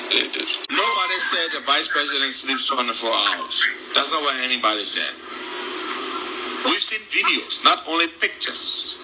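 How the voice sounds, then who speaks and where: A man's voice: mid-range voice, expressive, measured pace, heavy background noise. A male political commentator speaking in a mocking, accusatory way. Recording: muffled lo-fi audio.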